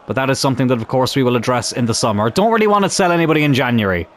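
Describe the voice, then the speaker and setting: A young man commentating on his own football video game in a chatty, animated way, swearing mildly as he plays. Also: mid-range voice, racing. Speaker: gaming YouTuber.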